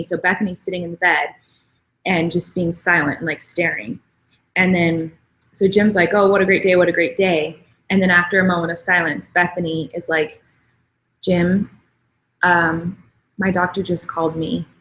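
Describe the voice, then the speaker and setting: A woman's voice: lowish voice, a bit bright, echoey room, low-quality recording. A woman chatting casually on a live stream, gushing and rambling with lots of filler words. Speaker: vlogger and show creator.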